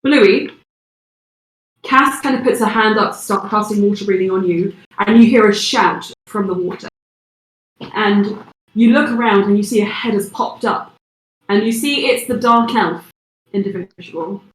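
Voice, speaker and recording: A woman runs a tabletop game as game master, narrating the action in an unhurried, descriptive way. Her voice sits at a middling pitch. The recording carries a noticeable room echo. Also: slight background noise.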